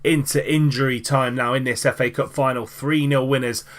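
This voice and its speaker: A man giving casual play-by-play commentary over a football management game, lively, with many fillers and restarts. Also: medium pitch, normal speed. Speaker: gaming commentator.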